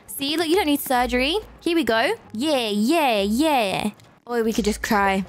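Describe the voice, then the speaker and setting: A young woman giving playful, excitable commentary while playing a hospital role-play game, chatting and exclaiming often. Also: high-pitched, a little fast, faint music behind. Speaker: gaming YouTuber.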